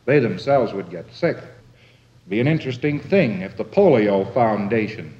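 A man's voice: lowish voice, big pitch swings, measured pace, a little mellow, lo-fi sound. Wry man lecturing on old tape. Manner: wry, conversational, storytelling. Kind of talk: lecture with anecdotes.

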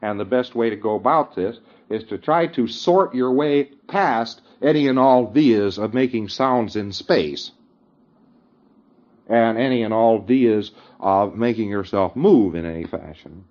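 A man's voice: fairly low pitch, measured pace, a little mellow, muffled recording. A man giving an informal lecture, often chuckling and checking that his listeners follow him. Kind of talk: conversational lecture.

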